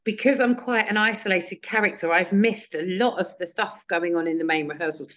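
A woman, an actress and singer, chatting as a guest in a casual radio interview, lively and quick to laugh. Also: lowish voice.

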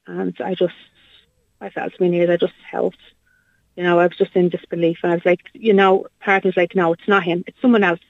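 Irish woman on the phone, halting, says um a lot, flat voice, muffled dry line. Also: on the low side, creaky, dry recording. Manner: halting, repeats herself, many fillers. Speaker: guest, bereaved mother. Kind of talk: phone interview, emotional recounting.

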